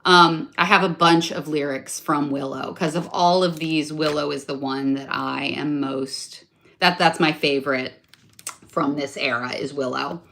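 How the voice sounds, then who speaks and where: Chatty woman with a lowish voice. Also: fairly even intonation, a little slow, creaky, pushed and bright. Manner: chatty and rambling, full of self-corrections and hedging fillers; enthusiastic and self-mocking about her detail. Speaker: craft vlogger. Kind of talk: casual show-and-tell.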